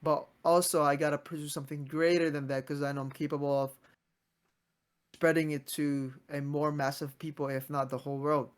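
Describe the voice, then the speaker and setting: Earnest young man, higher voice. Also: flat delivery, a little fast. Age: 20s. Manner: earnest motivational talk with frequent restarts. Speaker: podcast host. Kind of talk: casual podcast chat.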